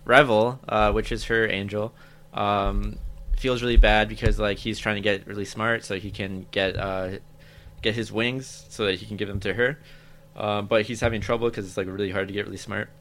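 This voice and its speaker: A man's voice: lowish voice, flat delivery, normal speed, fairly bright tone. A young man co-hosting an anime podcast, recapping episodes in a rambling, casual way with lots of filler words. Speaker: podcast co-host.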